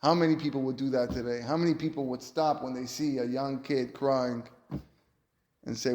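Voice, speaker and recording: A man's voice: mid-range voice, fairly even intonation, moderate pace, a little mellow. A male rabbi preaching and telling stories in an earnest, rhetorical way, with a mid-range voice. The sound rings in a roomy, echoing space. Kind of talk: sermon-style Torah lesson with storytelling. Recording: roomy echo.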